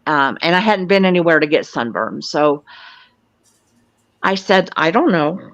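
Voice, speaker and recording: Deep-voiced and animated yet measured in pace, a UFO field investigator from Florida, in her sixties, tells of a personal experience as a guest. Her manner is earnest and matter-of-fact. The audio is dull, lo-fi and dry, lacking any room sound.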